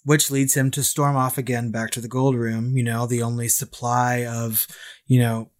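A man's voice: medium pitch, flat delivery, moderate pace. A young man co-hosting a podcast, chatting casually about a film with frequent laughs and swearing. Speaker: podcast co-host.

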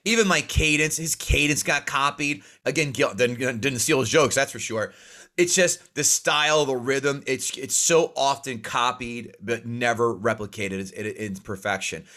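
Fast-talking North Jersey man. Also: medium pitch. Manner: fast, animated storytelling with swearing. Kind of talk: casual chat.

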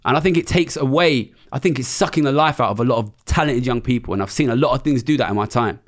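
Fast, blunt, sweary man. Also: mid-range voice. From England. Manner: blunt, sweary and passionate, quick-fire. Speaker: economist and former trader, guest. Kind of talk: interview.

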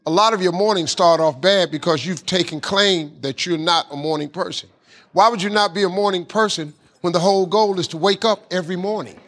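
A man telling a motivational personal story in a lively, folksy way, with casual grammar. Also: high-pitched, brisk. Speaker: guest speaker.

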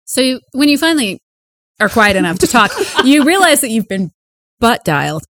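A woman's voice: on the high side, sing-song, moderate pace, fairly bright tone, dry recording, clean studio sound. A woman running a tabletop game as game master, narrating in an easy, conversational way.

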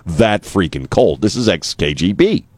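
Blunt, animated male talk radio host. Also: low voice, unhurried, dry recording. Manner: blunt, joking, rambling with restarts. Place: radio studio.

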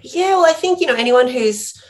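Australian woman guest, small-town coastal accent, relaxed rambling storyteller. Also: high-pitched, normal speed. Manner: chatty storyteller, many fillers and restarts. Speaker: guest, author and business founder. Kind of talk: casual interview conversation.

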